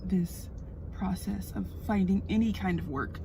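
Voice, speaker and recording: A woman in her twenties, a recent graduate, chatting candidly and excitably in a casual vlog, swearing casually as she talks to a phone camera in her parked car. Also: mid-range voice, a little slow, creaky. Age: 20s. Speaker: vlogger. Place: parked car with the air conditioning running. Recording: phone audio with loud A C hum.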